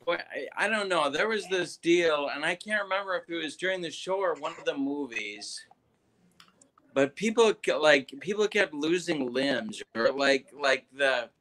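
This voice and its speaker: A man's voice: on the high side, animated, moderate pace, a bit bright. A man joining a casual live-stream chat as a guest, hesitant and searching for words.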